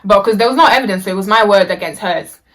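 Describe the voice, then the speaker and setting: A woman's voice: mid-range voice, fast. A young woman telling a personal story in a casual vlog, chatty and slangy, with many fillers and restarts.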